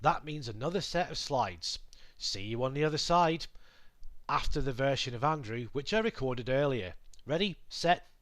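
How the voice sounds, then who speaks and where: A man teaching English grammar to learners, patient and clear, with lots of example sentences. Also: mid-range voice, lively intonation, moderate pace, a bit bright, no room sound.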